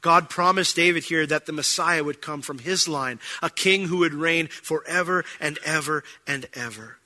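A man preaching a sermon as pastor, explaining scripture in a conversational, animated way and acting out quick asides. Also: on the high side.

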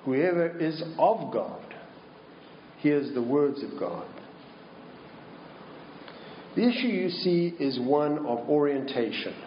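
A man preaching a sermon slowly and deliberately, posing rhetorical questions to his congregation. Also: fairly high pitch, expressive, echoey room, highs cut off, a little hiss or hum. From Minnesota.

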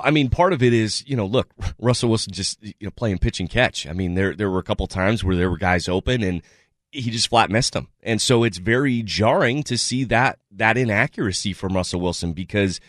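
A man's voice: fairly low pitch, no room sound, clean studio sound. A man co-hosting a sports talk radio show, giving rambling football analysis full of restarts and "you know"s.

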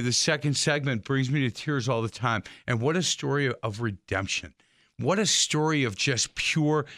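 A man's voice: medium pitch, no echo, clean studio sound. A man hosting a talk radio show, energetically heading into a break and plugging his guest's music. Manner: energetic, quick to wrap up to a break. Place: radio studio. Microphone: studio microphone.

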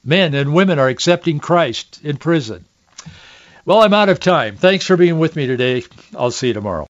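A man's voice: on the high side, animated, normal speed, dull audio. An older man hosting a faith and politics talk show, speaking earnestly and with emotion. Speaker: radio show host.

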